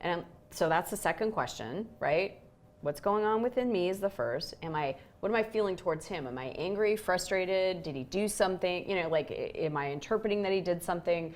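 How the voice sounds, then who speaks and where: A woman's voice: fairly low pitch, animated, a little fast. A woman co-hosting a relationship show, telling a story candidly and acting out quoted lines with animation.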